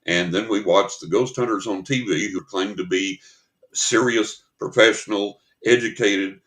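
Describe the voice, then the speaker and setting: A man's voice: on the low side, measured pace, a bit bright. A man hosting a paranormal talk show, telling a story in casual chat and acting out the voices of the people in it.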